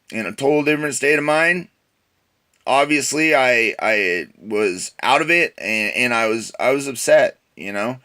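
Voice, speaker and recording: A man's voice: fairly high pitch, sharp tone. A young man casually telling a personal story to camera, rambling with many fillers and restarts. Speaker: vlogger.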